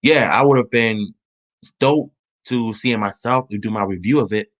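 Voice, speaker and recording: A man hosting his own channel talks through a movie trailer in a loose, casual way. His voice sits on the low side, and he rambles, restarts sentences and rushes his words when he gets excited. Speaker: channel host. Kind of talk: casual trailer review chat.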